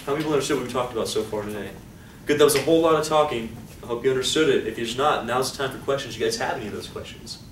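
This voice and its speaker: Animated male lecturer, teasing his class; roomy, distant sound with faint hiss. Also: medium pitch, rapid-fire, hardly any pauses. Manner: animated, joking, asks class questions. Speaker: college statistics teacher. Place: lecture hall. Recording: echoey hall, voice off-mic, faint hiss.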